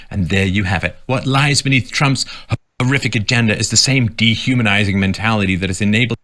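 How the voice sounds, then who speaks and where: Sarcastic man with a bright voice. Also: lowish voice, fairly quick. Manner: sarcastic, mocking. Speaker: political commentator. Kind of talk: commentary reading out quotes.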